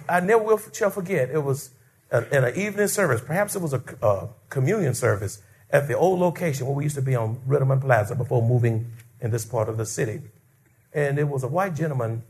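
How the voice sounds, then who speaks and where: A male pastor preaching a sermon, animated and conversational, acting out quotes and calling out to the congregation. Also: high voice. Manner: animated, call-and-response preaching with acted-out quotes.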